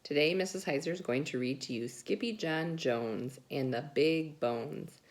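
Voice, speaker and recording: A woman teacher reading a picture book aloud to preschoolers, animated and playful. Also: sits low, a little slow. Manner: animated, acts out character voices. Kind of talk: children's storybook read-aloud.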